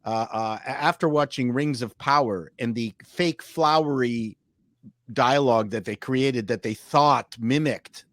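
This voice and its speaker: A man on a podcast panel in casual chat, animated and quick to laugh, often restarting his sentences. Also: mid-range voice, no echo.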